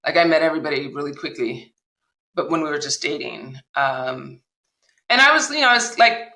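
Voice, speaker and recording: A woman telling her personal story as a podcast guest, animated and acting out the dialogue she recalls. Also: deep voice, brisk, reverberant, low-quality recording. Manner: animated retelling, acts out quoted dialogue.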